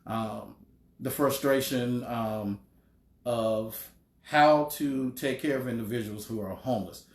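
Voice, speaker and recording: A middle-aged man, talking in a casual interview as a guest, measured and pausing often on "um". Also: medium pitch. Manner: measured, many "um" pauses. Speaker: homeless shelter director, guest. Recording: roomy echo.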